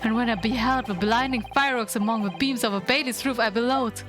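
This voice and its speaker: A woman reading a game aloud, voicing an excitable, gushing young Japanese man with high, breathless, theatrical exclamations. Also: fast, over music, lightly acted. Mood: rambling.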